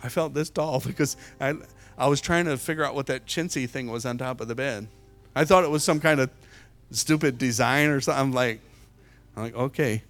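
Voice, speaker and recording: Man, evangelist sermon, storytelling, middle pitch, faint background music, loud to hushed. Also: a little fast. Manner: repeats words and restarts often.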